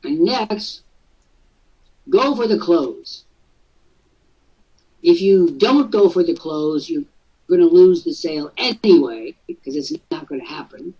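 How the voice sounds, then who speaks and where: Male host, husky and high-voiced, jokey coaching talk; dull distant webcast sound. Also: animated, takes it slowly, long pauses, dark tone. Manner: jokey, teasing, breaks into mock voices.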